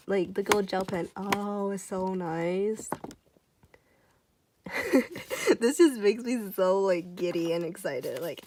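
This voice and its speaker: A young woman unboxing a package in a casual vlog, gushing and excitable, her voice going a little hoarse. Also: fairly low pitch, a little slow, a little hiss or hum. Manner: gushing, excitable, many exclamations. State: voice getting hoarse. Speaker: YouTuber.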